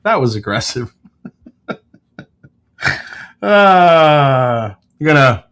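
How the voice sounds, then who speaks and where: A relaxed man chats through a whiskey tasting on a livestream. His voice sits in a middle pitch, and he talks in a loose, joking way. He swears freely and banters with the people in his chat. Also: very slow. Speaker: whiskey reviewer hosting a livestream.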